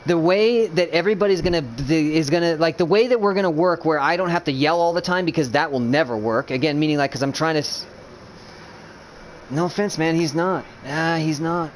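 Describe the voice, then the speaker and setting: A man's voice: on the high side, fairly quick, slight background noise. A man in casual voice chat coaching his gaming teammates, blunt and profane, rambling through restarts and often checking that he is understood. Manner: earnest, keeps checking he is understood.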